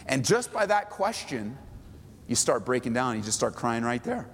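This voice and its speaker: A man's voice: medium pitch, big pitch swings, moderate pace, a bit bright, long reverb tail, slight background noise. A man pastor teaching a Bible study sermon in a church sanctuary, earnest, repeating phrases and stretching out key words.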